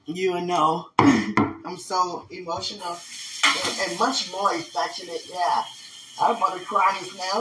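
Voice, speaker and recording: A woman's voice: on the low side, fairly even intonation, unhurried. Woman podcaster rambling on, emotional, lots of little laughs, noisy background hiss. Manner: rambling and emotional, laughs often, speaks to an absent listener. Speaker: podcast host. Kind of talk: casual spoken monologue.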